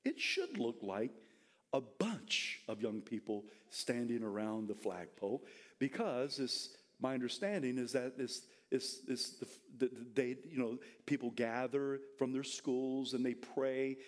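A male pastor preaching a sermon, bursting into shouted, soaring lines and dropping back into chatty storytelling. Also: animated, measured pace. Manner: fiery preaching that swings into shouted high bursts, then drops to storytelling; casual, chatty retelling with restarts.

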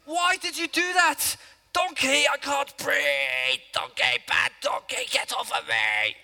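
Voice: sits high, wildly swooping pitch, slow, creaky, bright, forceful tone, in a large hall, soft background music, full character voice. A man playing a flustered, grumpy old prophet in a church skit, whining and complaining melodramatically. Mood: indignant.

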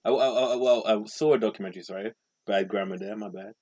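A man co-hosting a podcast in casual chat, animated and quick to correct himself. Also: on the low side. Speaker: podcast co-host.

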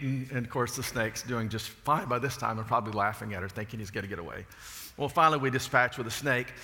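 A man's voice: medium pitch, sharp tone, big-room sound. A man preaching a sermon, telling folksy stories and asking rhetorical questions.

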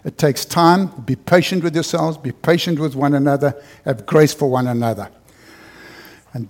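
Gravelly-voiced pastor preaching earnestly. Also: male voice, on the high side, darkish tone. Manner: storytelling, earnest, repeats phrases for emphasis. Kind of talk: sermon. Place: church.

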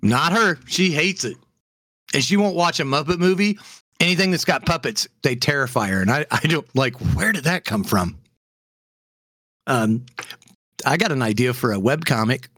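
A man co-hosting a casual podcast chat, telling jokes with dark deadpan humor and laughing often. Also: medium pitch, normal speed, long pauses, no room sound. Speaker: podcast co-host.

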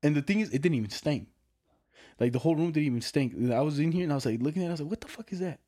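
Mellow-voiced young man swearing casually. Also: fairly high pitch, animated, rapid-fire. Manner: profane, rambling storyteller with slang. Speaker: podcast co-host. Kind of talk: casual chat. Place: his bedroom at home.

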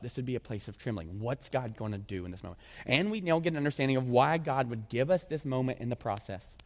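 A man preaching a sermon as pastor, animated and conversational, his voice climbing high when he presses a point. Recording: long hall reverb.

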